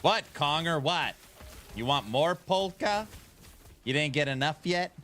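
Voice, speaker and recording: A man's voice: on the high side, animated, unhurried, fairly bright tone, slight background noise. A man chatting casually on a live stream, playful and teasing as he talks back to his viewers.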